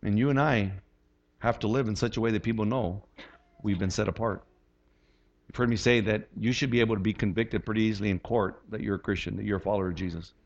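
A male pastor preaching a sermon in an animated, conversational way, often repeating words as he starts a thought. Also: lowish voice, quick pace, muffled recording.

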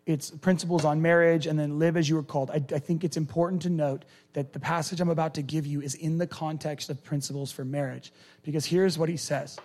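A middle-aged man preaching a sermon as a pastor, animated and acting out the people he talks about. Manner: animated, acts out people in quick high voices.

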